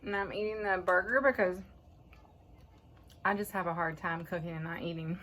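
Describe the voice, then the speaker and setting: In a fairly low voice with fairly even intonation, a woman chats at a moderate pace to her cooking-video viewers. The talk is casual and folksy, with self-directed jokes, and the kitchen is noisy with frying and sizzling.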